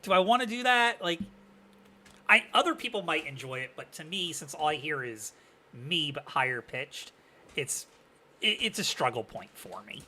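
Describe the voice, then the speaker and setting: A man's voice: on the high side, very animated, moderate pace, pushed and bright, slight background noise. A man hosting a podcast interview, asking casual, rambling questions. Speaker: podcast host.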